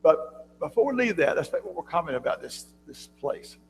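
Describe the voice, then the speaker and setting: This Bible class teacher has a fairly high, sing-song voice and a moderate pace, chatting with his church group and quizzing them with questions. He often clears his throat and starts over, recorded in a long-reverb church room with a faint hum.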